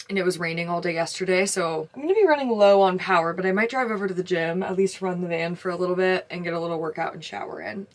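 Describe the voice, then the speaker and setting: Chatty young woman vlogging from her van. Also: medium pitch. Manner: chatty, excitable, many "like" fillers. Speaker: vanlife vlogger. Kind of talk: casual vlog talk to camera. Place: inside a camper van.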